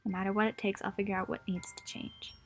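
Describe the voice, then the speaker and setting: A woman's voice: mid-range voice, level tone, fast, gravelly, a little hiss or hum, lightly acted. A young woman reading the lines of a caring teenage boy in an earnest, pleading way. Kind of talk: reading game dialogue aloud.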